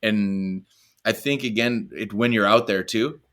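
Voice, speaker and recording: A middle-aged man from the United States tells stories as an interview guest, with a lower voice and a bright, forceful edge. He is animated, says "like" often, restarts his sentences, and slips into acting out his own thoughts. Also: measured pace. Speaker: guest, retired soccer player. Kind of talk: storytelling in a casual interview.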